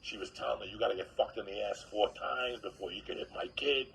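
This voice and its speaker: A man telling a profane comic story in a loud, animated way, acting out other people's lines. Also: lowish voice, quick pace, slight background noise, poor audio. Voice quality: gravelly.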